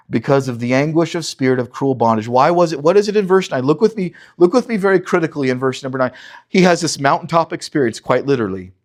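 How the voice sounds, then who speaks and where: A man's voice: fairly high pitch, brisk. A male pastor preaching an expository sermon. He reads scripture aloud and urges listeners to look closely at each verse. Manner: animated teaching, urges listeners to read verses critically.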